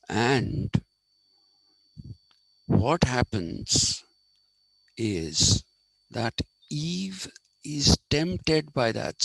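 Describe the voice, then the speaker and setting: A man's voice: fairly low pitch, creaky, dry recording, low-quality recording. A man lecturing a class, explaining points step by step and repeating them with frequent "okay"s.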